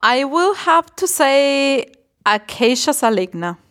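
A woman's voice: high-pitched, big pitch swings, slow, fairly bright tone. A young woman ecologist as a podcast guest, talking enthusiastically with restarts and little laughs. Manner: enthusiastic, chuckles between phrases, hesitant restarts. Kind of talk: casual podcast interview.

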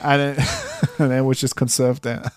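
A man's voice: medium pitch, little pitch movement, measured pace, dry recording, clean studio sound. A man in casual chat, thinking aloud with hesitant restarts.

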